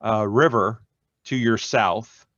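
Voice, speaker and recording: A man narrating as game master of an online tabletop game, slowly and with hesitant fillers. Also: fairly low pitch, a bit bright, no room sound, lo-fi sound.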